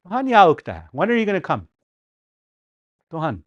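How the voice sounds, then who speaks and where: Lively, playful language teacher. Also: mid-range voice, moderate pace, dry recording, dull audio. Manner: playful, repeats words for practice, chuckles often; paces around the room while teaching. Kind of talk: live language class. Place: classroom during a livestreamed class.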